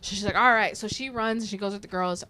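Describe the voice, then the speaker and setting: A woman's voice: medium pitch, fast talker, pushed and bright, a little hiss or hum. A woman in her thirties telling a story in casual chat. She swears freely and acts out the voices of the people in it. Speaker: podcast host.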